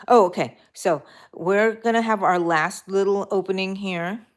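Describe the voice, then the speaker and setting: A middle-aged woman crochets while chatting casually with her live viewers. Her voice is medium-pitched and a little slow, and she's chatty, laughing and talking directly to the people watching.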